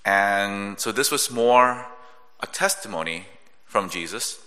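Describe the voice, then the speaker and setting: A male pastor preaching a sermon in a measured teaching tone, often checking in with a rhetorical "right?". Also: fairly low pitch, lively intonation, sharp tone. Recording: long reverb of a large hall.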